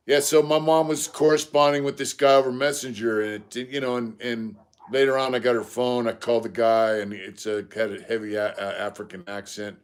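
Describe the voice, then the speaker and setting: A middle-aged man talking loosely on his live stream. His pitch sits in an ordinary middle range. He rambles easily and drops into shout-outs to viewers. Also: flat delivery, brisk, clean tone. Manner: laid-back, greets viewers by name between stories. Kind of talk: casual live-stream chat.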